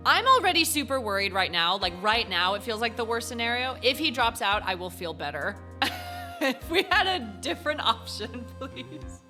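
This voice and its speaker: A woman's voice: fairly high pitch, big pitch swings, moderate pace. Giggly woman in her twenties, chatty. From United States. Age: 20s. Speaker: gaming channel host. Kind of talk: let's-play commentary. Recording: voice over game music.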